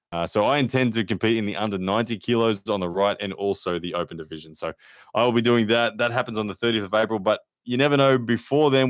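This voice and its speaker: An Australian man with a deep, smooth voice hosts a casual live stream, chatting with viewers and reading their comments aloud with frequent fillers. He's a livestream host and arm wrestler, recorded in studio quality with no room sound.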